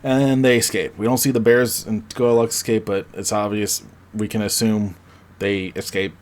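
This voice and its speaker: A man's voice: fairly low pitch, little pitch movement, moderate pace, darkish tone. A man hosting a podcast, casually recapping a movie in a rambling way, with fillers and self-corrections. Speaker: podcast host.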